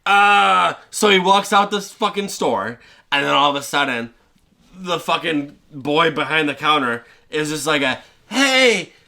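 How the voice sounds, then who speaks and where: A man with a bright, sharp, slightly high voice tells a movie's plot as a rowdy comedy bit. He swears all the time and often jumps into loud, shouted character voices. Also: unhurried, vocal fry. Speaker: comedy podcast host. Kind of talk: profane comedic movie retelling.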